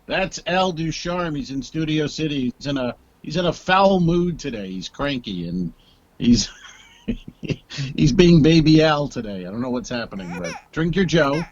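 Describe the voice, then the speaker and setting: A man's voice: fairly high pitch, expressive, unhurried, highs cut off. A man co-hosting a comedy podcast, teasing and sarcastic, chatting casually over a remote call. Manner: teasing, sarcastic, laughs often. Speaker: podcast co-host.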